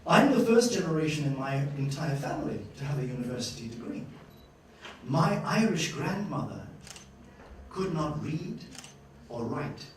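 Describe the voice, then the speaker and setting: A man giving a lively master-class lecture at a journalism school, playful and questioning his audience. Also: a little high, normal speed, slight background noise. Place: university lecture hall. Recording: echoey hall, distant mic, faint ambience.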